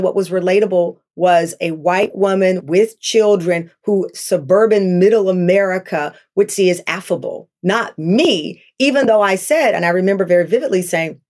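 A middle-aged woman, a talk show host as a guest, telling her story in an interview, earnest and animated, acting out quotes. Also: mid-range voice, moderate pace. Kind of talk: podcast interview.

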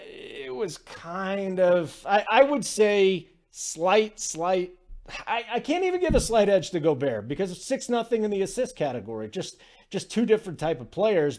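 A man's voice: on the high side, a little mellow. A man hosting a sports betting podcast in casual conversational talk, loose, with fillers and restarts.

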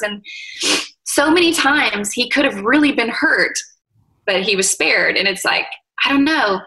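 Woman, 30s, interview guest; gentle, reflective delivery, bright tone. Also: fairly high pitch, lively intonation, rough recording. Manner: soft-spoken, tender, reflective with pauses and fillers. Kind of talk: emotional interview conversation.

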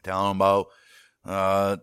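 A man's voice: low voice, completely flat delivery, normal speed, a bit bright, clear, resonant tone, no room sound, clean studio sound. A man co-hosting a casual, profane chat that recaps a TV episode, often acting out lines with laughter. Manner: profane, laughing, acts out quotes. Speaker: podcast co-host.

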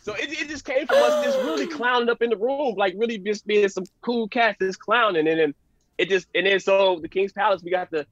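Fast-talking high-voiced man telling stories. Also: highs cut off. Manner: animated storyteller, slangy, says "you know what I'm saying" a lot. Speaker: podcast guest. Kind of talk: casual podcast chat.

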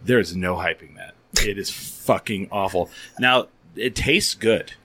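Man, podcast host, casual chat, rambling stories, swears a lot, lowish voice. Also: a little slow, a bit bright, husky. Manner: rambling storyteller with many restarts, swears freely.

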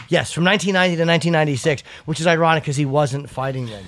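Rambling, profane talk-show host. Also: male voice, fairly high pitch, racing, fairly bright tone. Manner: rambling, profane, restarts often. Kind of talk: casual chat and live ad read.

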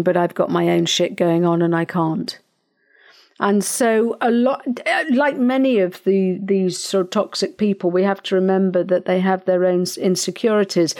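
A woman hosting a podcast, talking casually and giving advice, with many fillers and restarts and sudden lively jumps in pitch. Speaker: podcast host.

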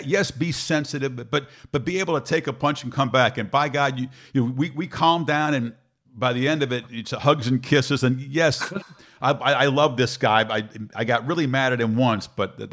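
Man telling a lively broadcasting anecdote. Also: mid-range voice. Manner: animated anecdote-telling with repeated restarts. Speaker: host, broadcaster. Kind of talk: casual storytelling chat.

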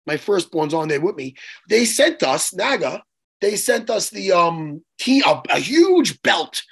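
A middle-aged man, co-hosting an excited, rambling casual chat full of jokes. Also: high-pitched, a little slow, creaky, husky. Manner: animated, rambling, jokey. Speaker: co-host, jiu-jitsu coach.

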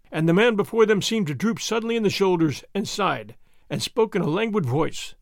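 A man narrating an audiobook in an expressive storytelling manner. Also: sits high, fairly quick, creaky, no room sound, studio quality. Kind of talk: scripted narration.

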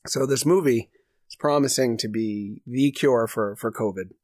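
A man's voice: mid-range voice, normal speed, darkish tone, dry recording, studio quality. A man co-hosting a podcast, telling an improvised comedy story in a rambling, laughing way. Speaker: podcast co-host.

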